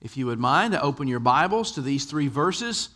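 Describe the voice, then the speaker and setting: A man's voice: medium pitch, big pitch swings, moderate pace, sharp tone. A man pastor preaching a sermon to his congregation, telling anecdotes and acting out the quotes in them. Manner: storytelling with acted-out quotes.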